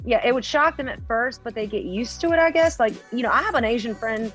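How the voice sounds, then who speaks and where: A woman's voice: a little high, fast, faint music behind. A young adult woman with a North Carolina accent, chatting casually as an interview guest. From rural North Carolina, US. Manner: relaxed, chatty, many "like" fillers. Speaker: guest, TikTok creator.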